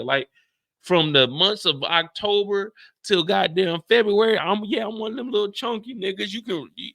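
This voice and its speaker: Casting note: male TV recap vlogger, gravelly and sharp-toned, slightly high voice, loose profane ranting delivery. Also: normal speed, dry recording. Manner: animated, profane and slangy. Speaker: TV show recap host. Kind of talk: casual ranting episode recap.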